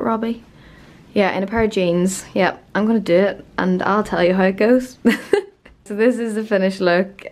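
Chatty Northern Irish woman with gravelly voice. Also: on the low side, darkish tone. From Northern Ireland. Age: 20s. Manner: rambling, chatty, lots of fillers. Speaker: vlogger. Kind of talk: casual chat.

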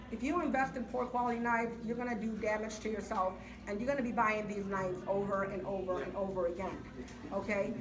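A woman chef giving a product demonstration, telling stories to a live audience in an animated way, laughing through her lines and often checking in with "okay?". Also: on the high side. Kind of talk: lively storytelling to a live audience. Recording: echoey room, distant mic, loud crowd and noise.

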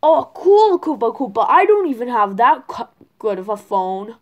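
A woman voicing a goofy male turtle kid who mumbles softly and keeps repeating a catchphrase. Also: on the high side, very animated, moderate pace, muffled recording.

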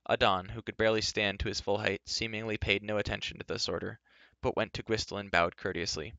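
Male reader, lowish and bright, steady storytelling, dry and dull lo-fi recording. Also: fast, creaky, no room sound. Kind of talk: reading a novel aloud.

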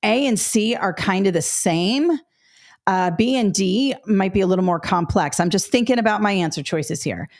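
A woman's voice: medium pitch, normal speed, darkish tone. A middle-aged woman teaching a test-prep webinar, explaining step by step, correcting herself and talking straight to viewers. Her throat is a little dry. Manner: explanatory, self-correcting, addresses viewers directly. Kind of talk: webinar lesson.

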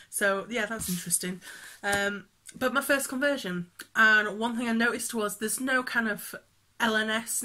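In a cross-stitch vlog, a woman with a bright, forceful, higher-pitched voice chats about her stitching projects. There's a slight hiss or hum, and she rambles with many fillers and laughs often.

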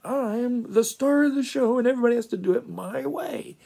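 A man's voice: very high voice, fairly quick, vocal fry, pitched above the performer's own voice, heavily acted. A man voicing a boastful, self-important male amateur actor who speaks in a pompous way. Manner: pompous, loud.

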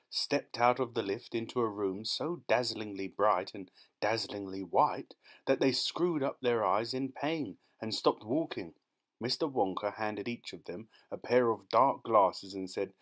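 A man narrating a children's storybook in a lively, expressive manner. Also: lowish voice. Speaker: audiobook narrator.

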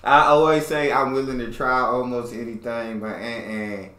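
American man, reaction host, bright forceful voice, emphatic casual chat, roomy echoey recording. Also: mid-range voice, moderate pace. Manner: animated, emphatic, laughs often. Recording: roomy echo.

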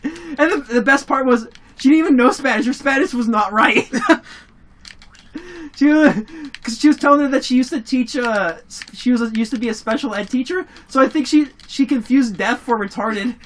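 A young adult casually telling a story and commentating a game with friends. This person laughs often, swears freely and gets excitable. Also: sits high, moderate pace. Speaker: let's-play commentator. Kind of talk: casual gaming chat and storytelling.

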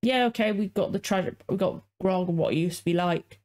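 A woman's voice: lowish voice, a little fast, a little mellow. A woman hosting a reaction video, talking casually and effusively with lots of swearing. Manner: effusive, swears a lot, emotional.

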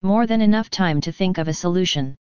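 A woman's voice: lowish voice, a little fast, a little mellow, smooth, dry recording, natural voice. A woman voicing a proud, commanding female pony sorceress with haughty, formal speech, in a slightly dull, dry recording. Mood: imperious.

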